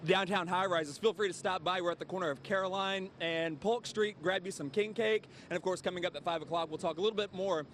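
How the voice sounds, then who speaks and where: High-voiced male reporter live outdoors. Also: a little fast, hardly any pauses, slight background noise. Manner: lively, informal, joking. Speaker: field reporter. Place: downtown street outdoors.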